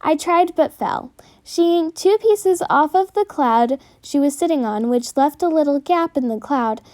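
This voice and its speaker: A woman reading her own storybook aloud in an earnest, steady way. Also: high voice, unhurried.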